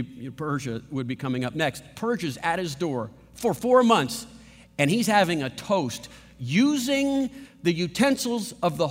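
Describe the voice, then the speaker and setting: A man's voice: fairly high pitch, fairly bright tone. A man preaching a sermon in a large auditorium, emphatic and full of rhetorical questions. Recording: long hall reverb.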